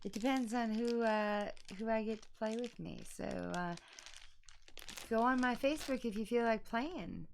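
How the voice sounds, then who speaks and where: A woman's voice: on the high side, normal speed, gravelly, a little hiss or hum. A woman in her fifties hosting a casual board game unboxing, joking bawdily and laughing often. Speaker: host.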